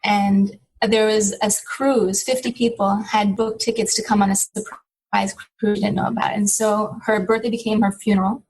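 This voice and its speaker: A woman's voice: mid-range voice, flat delivery, moderate pace, darkish tone, low-quality recording. A woman in her thirties, a guest on an interview podcast, telling a personal story in a reflective, heartfelt way, with many "you know" fillers.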